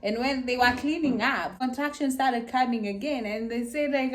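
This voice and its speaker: A woman's voice: high-pitched, normal speed, few pauses. A young woman casually telling viewers her birth story, acting out her screams and the voices of others. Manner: animated, acts out her screams and quotes.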